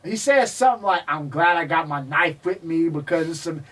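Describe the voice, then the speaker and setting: Guy telling wild stories in an interview, kinda higher voice, mic a bit far off. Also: normal speed. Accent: Texan. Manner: animated, profane, acts out quoted people. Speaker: guest, MMA historian. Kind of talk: casual storytelling interview.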